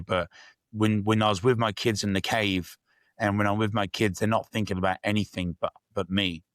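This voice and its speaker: Low-voiced male guest, candid and reflective, dry recording. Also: fairly bright tone, dry recording. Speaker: podcast guest. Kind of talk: casual interview storytelling.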